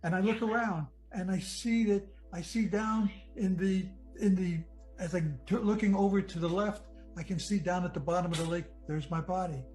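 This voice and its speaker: A man from Michigan giving an earnest personal testimony about nearly drowning, reflective and halting, often restarting his sentences. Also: sits high, steady tone, poor audio. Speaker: near-death experience storyteller. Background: soft music.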